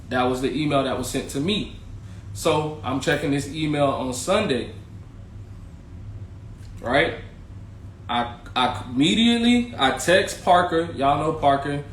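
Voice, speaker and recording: A man's voice: medium pitch, expressive, a little slow, long pauses, slight background noise. A man hosting a podcast, casually telling his own story, candid and slangy, swearing freely and talking straight to his viewers. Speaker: podcast host, former teacher. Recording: echoey room with faint ambience.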